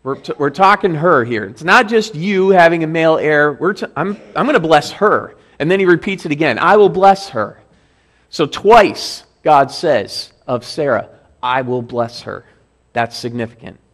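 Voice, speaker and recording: A man's voice: on the high side, expressive, moderate pace, fairly bright tone. A male pastor giving a sermon in a church, explaining scripture in a conversational way and reading verses aloud with emphasis.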